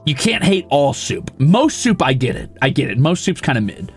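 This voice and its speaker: Excitable, profane young male streamer. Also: fairly high pitch, normal speed, slightly rough, soft background music. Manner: profane, excitable ranting that swings to mock calm. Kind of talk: casual livestream chat reading comments.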